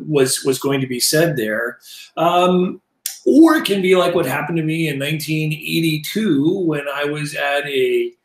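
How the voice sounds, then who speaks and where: A man in his fifties teaching a casual Bible language lesson, digressive and halting, with self-deprecating asides. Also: fairly high pitch. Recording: roomy echo.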